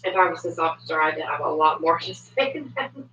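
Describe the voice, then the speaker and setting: A woman streamer chatting casually on a home livestream, loose and full of fillers, cursing freely. Her voice is bright and a bit sharp. She sits back from the mic in an echoey room, and the audio sounds dull and thin. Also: deep voice, lively intonation, normal speed, recorded from a distance. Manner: chatty, swears, many fillers. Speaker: livestream commentator. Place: home, moves between desk and kitchen. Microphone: desk microphone, at times far from it.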